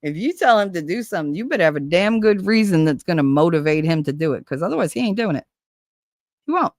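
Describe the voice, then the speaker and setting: A woman's voice: on the low side, lively intonation, fast, a little mellow, no echo. A middle-aged woman with a New Jersey accent, hosting a casual livestream chat in a candid, profane, chatty way. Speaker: livestream host.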